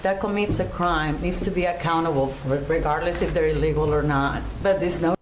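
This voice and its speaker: A woman council member speaks haltingly and with emotion at a public meeting. Her voice is somewhat low. The echoey chamber carries clear background noise.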